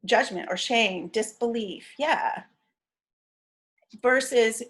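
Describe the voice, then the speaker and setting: A woman teaching an online training session, explaining in a measured way with frequent fillers and restarts. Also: medium pitch, fairly bright tone.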